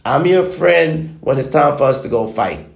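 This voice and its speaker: A man's voice: fairly high pitch, expressive, moderate pace, vocal fry, reverberant. A man giving a blunt, emphatic motivational monologue, lecturing his listeners and repeating his points for emphasis. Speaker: motivational vlogger. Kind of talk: preachy monologue to the camera.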